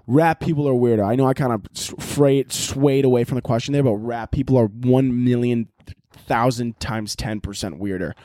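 A man hosting a solo podcast in casual chat, profane and rambling, mocking himself and jumping into loud, overdone voices to act out scenes. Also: medium pitch, dry recording, studio quality. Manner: jumps to loud exaggerated voices when acting out scenes. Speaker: podcast host.

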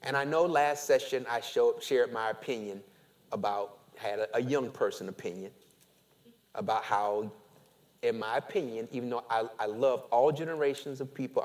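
A man preaching a sermon as pastor, animated, with call-and-response and casual storytelling asides. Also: mid-range voice, moderate pace.

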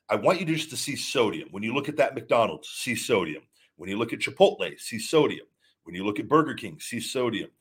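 A man's voice: mid-range voice, a bit bright. A man hosting a live show, talking casually and emphatically with many restarts while reading viewer messages. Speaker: host reading super chats. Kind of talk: live-stream casual talk.

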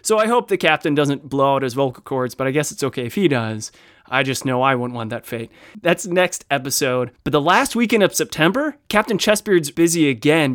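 A man with a slightly raised pitch co-hosts a casual podcast, playful and quick to joke. His voice is smooth and close, recorded dry with almost no room around it. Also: no echo. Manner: playful, jokey, animated asides. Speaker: podcast co-host.

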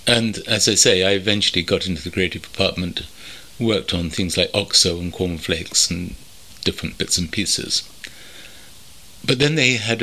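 An older man from North London looks back on his working life in a slow, thoughtful way, pausing often. His voice is husky with a bright, forward edge. He speaks as a guest, sitting in a country home. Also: low-pitched. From North London, England. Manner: thoughtful, measured, with many pauses and ums. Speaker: interview guest, veteran copywriter. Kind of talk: reflective reminiscing.

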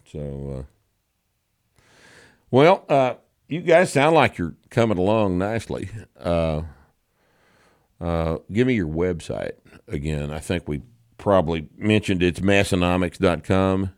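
A man with a very low voice talks as a podcast host, blunt and sure of his opinions, swearing casually. The sound is close and dry with no room around it. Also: expressive, measured pace, pauses often, a little mellow, clean tone, no room sound. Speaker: show host.

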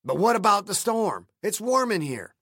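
A man's voice: high-pitched, very animated, normal speed, bright, forceful tone, no room sound, clean studio sound, pitched above the performer's own voice, exaggerated voice. A man voicing a battered, injured man who swears a lot and speaks sardonically. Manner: profane, sardonic.

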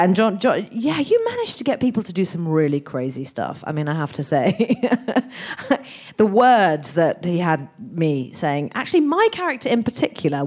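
A woman actress chatting as a guest in an interview, telling stories in an animated, expressive way. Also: lowish voice. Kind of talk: anecdotal interview chat.

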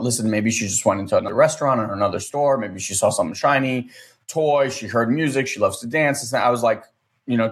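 A man in his thirties telling a personal story in a casual, rambling way, earnest and full of fillers. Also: medium pitch.

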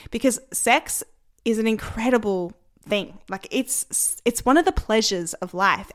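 A young woman hosts her own podcast in a loose, candid chat. She talks straight to her listeners, peppering her speech with "like" and "you know", and her pitch sits in a middle range for a woman. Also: fairly bright tone. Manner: chatty and candid, many "like" and "you know" fillers. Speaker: podcast host. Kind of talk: casual solo podcast talk.

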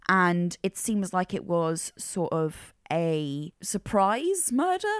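A woman's voice: medium pitch, big pitch swings, unhurried, hardly any pauses, smooth, no echo, studio quality. A woman co-hosting a podcast, telling a true crime case in a chatty, slangy way. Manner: chatty, uses casual slang like mega. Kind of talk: casual true crime storytelling.

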